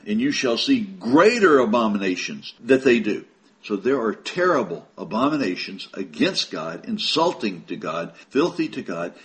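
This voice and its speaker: A man preaches a sermon at a middle pitch, reading Bible verses aloud and pressing each point harder. He keeps calling his listeners brethren. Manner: reads scripture aloud with rising emphasis, calls listeners brethren.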